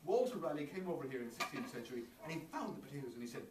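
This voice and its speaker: A man, a visiting professor, telling young children playful stories in a sing-song, animated way. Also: mid-range voice, rapid-fire. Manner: animated, sing-song storytelling with silly sound effects. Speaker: visiting professor presenting to preschoolers. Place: preschool classroom. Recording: echoey room, distant camera, noisy.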